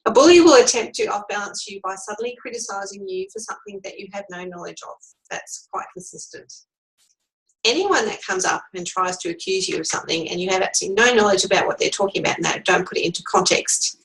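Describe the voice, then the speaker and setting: A woman coach giving a calm, measured instructional lesson on handling workplace bullies. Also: medium pitch, low-quality recording. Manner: calm, measured, demonstrates sample replies.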